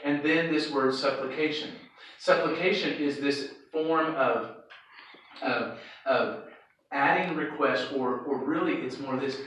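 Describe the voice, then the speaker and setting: A man gives a relaxed youth sermon, talking to the room as if chatting and checking in with a quick "okay?" every few lines. He stands back from the microphone in a very echoey hall, with a little noise under his voice. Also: medium pitch, recorded from a distance. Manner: conversational, checks in with frequent "okay?". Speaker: youth pastor. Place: church hall or sanctuary. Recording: echoey hall, speaker away from mic.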